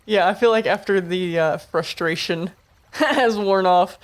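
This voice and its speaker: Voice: mid-range voice, measured pace. A player in a tabletop game chatting casually and laughing often. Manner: laid-back, laughing.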